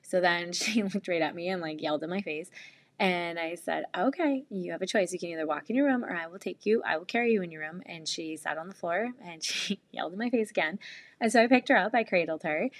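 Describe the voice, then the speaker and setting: A woman in her thirties talks through a family story in casual vlog chat, laughing now and then. Her voice sits on the low side for a woman. The recording is close and dry, with no room sound. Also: fast talker, no echo. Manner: chatty storytelling with frequent laughs. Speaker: mom vlogger.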